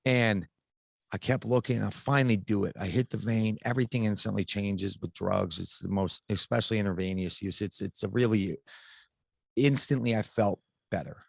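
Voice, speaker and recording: Low-voiced man telling his story frankly. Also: normal speed, creaky, no room sound. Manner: casual, frank, swears freely. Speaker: podcast guest. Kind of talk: candid personal storytelling.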